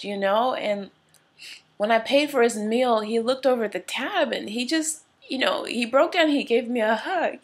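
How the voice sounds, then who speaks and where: A woman vlogger earnestly telling a personal story, tearful at times, in a casual, heartfelt way. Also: mid-range voice. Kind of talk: emotional personal story to camera.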